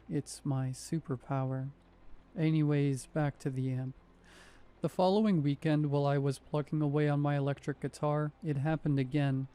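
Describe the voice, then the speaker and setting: A man in his thirties narrates a first-person horror story, with scripted delivery and wry, conversational asides. His voice sits slightly high for a man but sounds mellow and warm.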